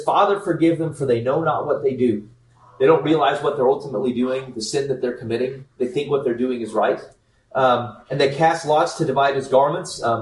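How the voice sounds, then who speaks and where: A man giving a casual Bible lesson, talking straight to his listeners as "guys", with plenty of ums and restarts. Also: mid-range voice. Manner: conversational, addresses listeners as guys, frequent ums. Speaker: Bible teacher. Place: church meeting room. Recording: roomy echo, mic at a distance.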